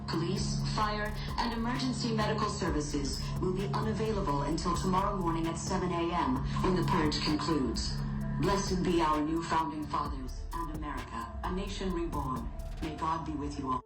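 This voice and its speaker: A woman's voice: deep voice, moderate pace, natural voice. A woman playing an emergency broadcast announcer, delivering a formal, solemn announcement in a film clip. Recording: roomy distant clip under loud music.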